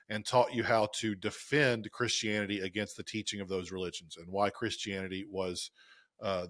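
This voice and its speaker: Low-voiced man in his thirties. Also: dry recording, studio quality. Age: 30s. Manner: easygoing, joking, explanatory. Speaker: podcast co-host. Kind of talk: casual podcast chat.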